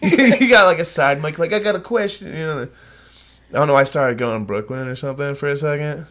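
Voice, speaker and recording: A man co-hosting a podcast in loose, casual chat. His pitch jumps around a lot as he laughs and swears. He tosses in dude constantly. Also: lively intonation, fairly quick, fairly bright tone. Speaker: podcast co-host.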